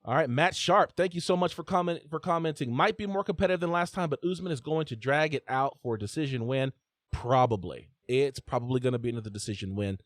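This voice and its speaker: A man hosts a live call-in sports show with chatty energy, stumbling over fillers and restarting lines. His voice sits in a middle pitch, close to the mic in a very dry space with no room sound. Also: quick pace, dry recording. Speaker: host.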